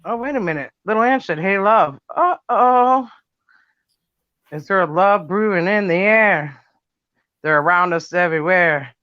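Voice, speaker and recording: A middle-aged woman with a loud, brash voice, chatting casually on a livestream, laughing and cussing freely. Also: fairly low pitch, lively intonation, unhurried, dry recording, dull audio. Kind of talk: casual chat.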